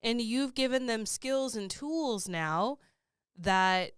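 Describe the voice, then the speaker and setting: A woman's voice: a little high, animated, takes it slowly, clear, resonant tone, dry recording, clean studio sound. A woman co-hosting a podcast and working as a coach, explaining things in a casual, conversational way with many fillers.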